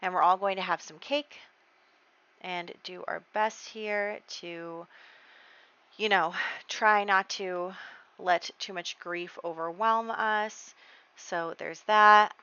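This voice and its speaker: A woman's voice: medium pitch, fairly even intonation, slow, sharp tone, clean tone. Woman, young adult, game host, rambling casual commentary, dull lo-fi recording. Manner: chatty, rambling, with many fillers. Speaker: let's play host.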